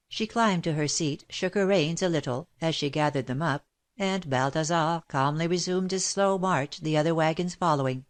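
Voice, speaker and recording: A woman narrating a classic novel as an audiobook in a steady, measured reading. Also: low voice. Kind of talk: scripted narration.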